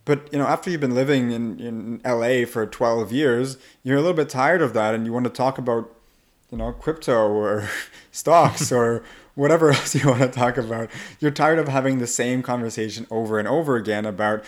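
A man's voice: medium pitch, moderate pace. A man who works as an accent coach, talking casually in an interview and acting out the voices of people he quotes. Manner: animated, acts out quoted voices.

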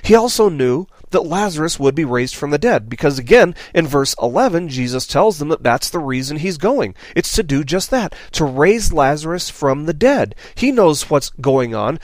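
A man preaching a sermon in an earnest way, asking rhetorical questions and dropping softly on key phrases. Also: on the high side, no echo.

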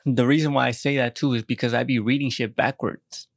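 A man's voice: mid-range voice, fairly even intonation, brisk, no echo. Young american guy rambling and cussing on a podcast, dry close sound. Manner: rambling, self-deprecating, swears a lot, frequent restarts. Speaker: podcast co-host. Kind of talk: casual podcast chat.

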